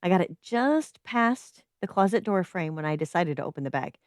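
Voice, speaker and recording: A woman's voice: deep voice, moderate pace, hardly any pauses, no echo, studio quality. A woman hosting a live-stream podcast, reading a story submission aloud with dramatic flair and stopping to react.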